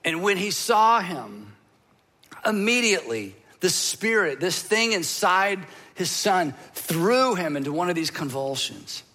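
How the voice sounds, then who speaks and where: A man preaching a sermon in an earnest, emotional way, with dramatic pauses and repeated phrases. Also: high voice, very animated, bright, forceful tone. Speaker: pastor.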